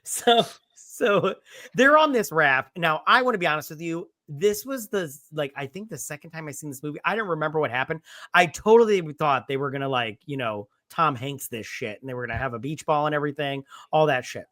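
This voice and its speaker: A man hosting a casual movie review after drinking, rambling and profane, with sudden loud acted-out lines. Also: on the high side, animated, fairly quick, no room sound, studio quality. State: has been drinking. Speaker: podcast host.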